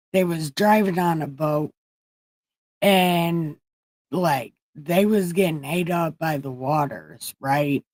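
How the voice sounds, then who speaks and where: Host: woman, slow, rambling, profane comic storyteller, dry close sound. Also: deep voice, darkish tone, dry recording, low-quality recording. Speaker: livestream host. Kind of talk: casual comedic Bible retelling.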